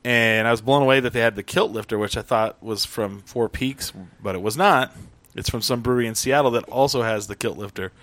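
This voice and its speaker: Animated guy telling stories, bright voice, dry close sound. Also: mid-range voice, fairly quick, no echo. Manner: animated, acts out quotes with squeals. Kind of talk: casual storytelling chat.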